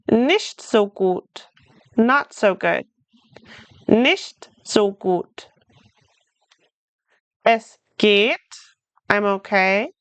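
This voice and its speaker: A woman teaches a beginner language lesson, taking her time and repeating each phrase so learners can follow. Her voice is smooth and clear, pitched a little high. The sound is dry and close, with no room echo. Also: a bit bright. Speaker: German teacher.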